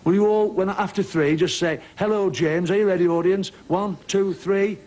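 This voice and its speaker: A man's voice: high voice, steady tone, normal speed. A man hosting a TV game show, teasing contestants with chummy banter in a studio before an audience. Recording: 1980s broadcast with studio audience and hiss.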